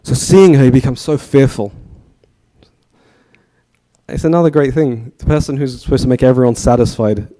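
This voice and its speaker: A man in his thirties gives a temple talk as a storytelling sermon, keeping it chatty and putting questions to his listeners. His voice is mid-range and warm, with a moderate pace and long pauses.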